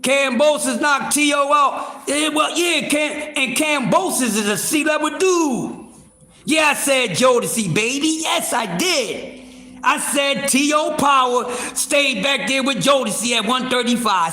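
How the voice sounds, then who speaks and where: Man, high bright voice, profane, loud, roomy echo. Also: measured pace, faint music behind. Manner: loud, profane, animated, with repeated fillers and restarts. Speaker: boxing livestream host. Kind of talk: casual boxing talk.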